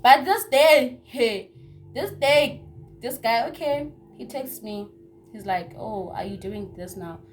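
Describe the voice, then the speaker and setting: Young woman vlogger, a bit high-pitched, chatty storyteller who repeats herself and drops to hushed asides. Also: expressive, slow pace, soft background music. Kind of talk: casual story time.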